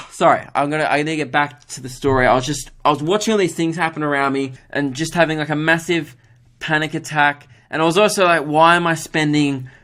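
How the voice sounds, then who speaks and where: A man's voice: on the high side, brisk, fairly bright tone. A man, a comedian hosting his own podcast, telling a funny story in an exasperated, ranting, self-mocking way.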